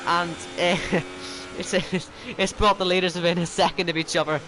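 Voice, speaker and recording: A man whose voice sits high with little pitch movement commentates on his own online racing game at a moderate pace. As things go wrong around him he turns self-mocking and exasperated, with racing car engine noise behind.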